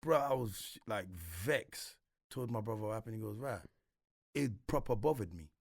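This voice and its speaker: A man's voice: fairly low pitch, moderate pace, no echo, studio quality. Slangy London man telling a story. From Congo. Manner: London slang, animated retelling with voiced quotes. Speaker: guest. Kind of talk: casual storytelling interview.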